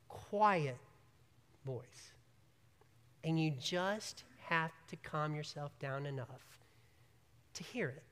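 A pastor preaching a morning sermon, swinging between emphatic loud passages and hushed, quiet stretches. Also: mid-range voice, long reverb tail. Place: church sanctuary.

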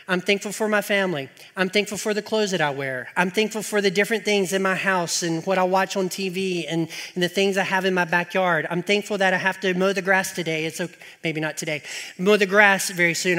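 Bright-voiced preacher man in a reverberant hall. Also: sits high. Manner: animated, exasperated rants with rhetorical questions. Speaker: pastor. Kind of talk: sermon.

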